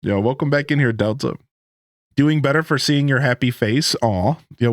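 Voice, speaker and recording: A man's voice: mid-range voice, moderate pace, dry recording, clean studio sound. A young man chatting casually and greeting viewers while he plays a farming game on a live stream. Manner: laid-back, chatty, greets chat.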